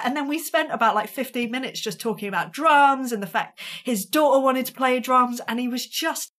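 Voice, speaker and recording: A woman's voice: sits high, animated, a little fast, hardly any pauses, fairly bright tone, raised voice. A British woman, a touring drummer, telling a story in a casual and self-deprecating way, acting out the quotes with energy. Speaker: podcast guest, touring drummer.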